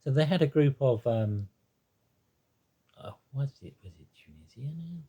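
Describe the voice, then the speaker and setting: A man talks slowly in a relaxed, unscripted way, stopping often to search for words and restart his sentences. His voice is husky and mellow, with a slightly rough edge. He sounds like he is thinking aloud. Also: medium pitch. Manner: hesitant, rambling with many ums and restarts. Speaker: football fan commentator. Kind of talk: casual spoken monologue.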